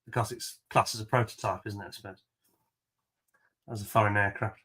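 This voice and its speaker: Bright-voiced chatty host. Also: male voice, on the low side, steady tone, brisk, husky. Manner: chatty, laughs often, enthusiastic. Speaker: auction host showing model kits. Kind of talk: casual live-stream chat.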